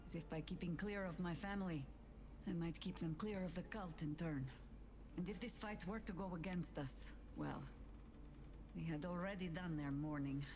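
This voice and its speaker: An actress playing a weathered, stern older ranger who speaks in a measured, grave way. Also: female voice, fairly low pitch, noisy background, natural voice.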